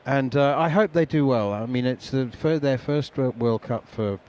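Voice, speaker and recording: A man giving ball-by-ball radio cricket commentary, chatty and quick to laugh, with plenty of ums and uhs. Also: medium pitch, a little mellow, dull audio.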